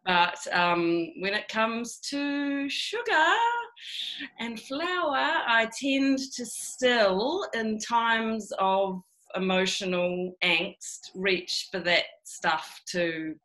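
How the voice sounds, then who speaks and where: A woman's voice: on the high side, drawn-out words, sharp tone. A woman from New Zealand with a New Zealand accent, talking candidly and self-deprecatingly as a guest on a casual video call. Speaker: guest author.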